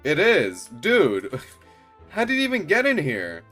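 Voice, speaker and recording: A man streaming a game, chatting casually, excitable and profane, laughing often. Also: fairly high pitch, takes it slowly. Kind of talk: casual gameplay commentary. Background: faint game music.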